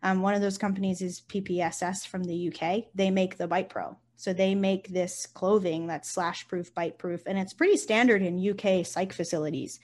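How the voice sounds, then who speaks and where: A woman, a nurse and company founder, talking casually in an interview and telling stories with lively, acted-out quotes. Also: on the low side, moderate pace, few pauses. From United States. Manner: animated storyteller, acts out quotes, swears casually.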